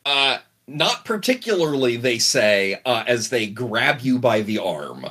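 A man's voice: medium pitch, sing-song, a little slow, sharp tone, slightly rough. A man running a tabletop role-playing game as game master, narrating playfully, laughing and often repeating words.

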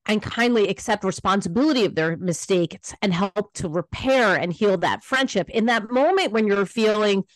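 A woman hosting a podcast, interviewing in a lively, chatty way with many affirmations and playful quoted voices. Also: mid-range voice, moderate pace, few pauses, dry recording, studio quality. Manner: animated, warm affirmations, acts out kids' voices. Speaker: podcast host. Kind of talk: casual interview chat.

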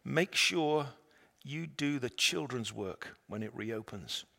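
Slow-preaching man in an echoing hall. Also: medium pitch, expressive, vocal fry, slight background noise. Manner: dramatic storytelling, swings from loud to hushed. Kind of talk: sermon. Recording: long reverb of a large hall.

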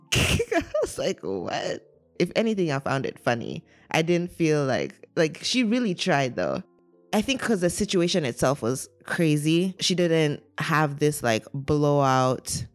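A young woman telling a personal story in an animated, chatty way, full of fillers. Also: low-pitched, slow, dry recording, soft background music. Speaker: interviewee.

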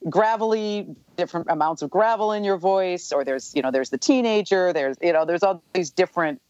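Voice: medium pitch, brisk, darkish tone, no echo. Chatty guest author on dull, dry audio. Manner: chatty, full of "you know" fillers. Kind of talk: casual interview chat.

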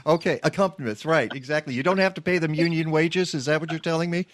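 A man hosting a radio talk show in casual chat, halting, with many fillers and restarts. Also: on the high side.

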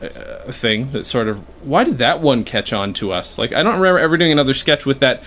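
A man's voice: mid-range voice, animated, brisk, a bit bright. Laughing, self-deprecating man chatting. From New York. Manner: self-deprecating, laughs often, trails off mid-sentence. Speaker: podcast co-host. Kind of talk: casual chat.

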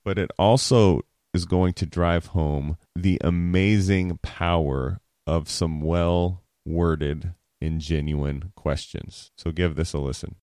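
Deep-voiced man explaining. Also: steady tone, slow pace, darkish tone, dry recording, clean studio sound. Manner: conversational, checks in with "right?". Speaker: teacher. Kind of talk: explaining communication skills.

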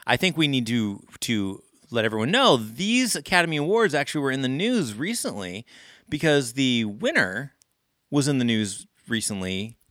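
Bright, dry-sounding playful man. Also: medium pitch, big pitch swings, moderate pace, dry recording. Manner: playful, teasing, breaks into sung imitations. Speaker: podcast co-host, quizmaster. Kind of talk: casual chat.

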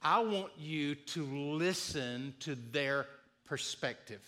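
Bright-voiced male preacher, earnest. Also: on the high side, takes it slowly. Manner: earnest, repeats key phrases, acts out sample apologies. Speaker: pastor. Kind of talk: sermon.

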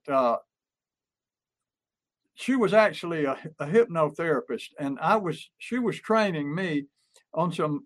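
An older man, co-hosting a podcast and telling folksy sales stories with fillers and restarts. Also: on the high side. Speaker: podcast co-host, pest control sales coach. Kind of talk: casual podcast talk.

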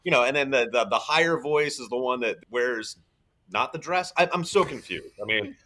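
A male comedian from Baltimore talking in a loose, joking way, his pitch swinging all over. His voice is bright and forceful. He keeps breaking into goofy put-on accents. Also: lively intonation, normal speed. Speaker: comedian guest. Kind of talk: casual comedic chat.

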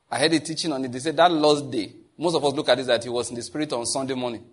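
Husky preacher man teaching a class. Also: mid-range voice, fast talker. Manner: animated, laughs often, asks the audience questions. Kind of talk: sermon teaching.

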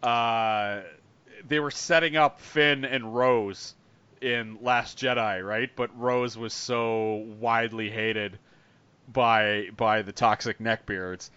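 A man co-hosting a podcast, talking casually and animatedly, swearing and doing quick impressions. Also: medium pitch, clean tone, no room sound. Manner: animated, swearing, mimics voices. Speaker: podcast co-host. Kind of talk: casual chat. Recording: muffled lo-fi audio.

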